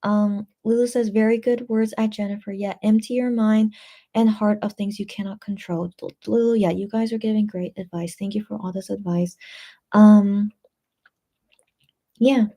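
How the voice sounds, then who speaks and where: A woman with a mid-range, dark-toned voice hosts a late-night livestream, reading viewer comments aloud and chatting back at a moderate pace in a steady tone. Her talk rambles, full of fillers and restarts, and she sounds tired and a little tipsy.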